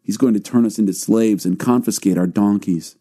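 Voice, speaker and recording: A man's voice: fairly low pitch, fairly quick, dark tone, husky. A man reading anxious, worried brothers. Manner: worried, defensive. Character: anxious group of grown brothers.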